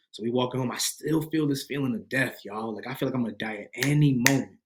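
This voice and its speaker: A man guesting on a podcast, telling a personal testimony in casual slang with lively energy. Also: mid-range voice, fast, few pauses. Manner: slangy, animated, addresses listeners as bro and fam.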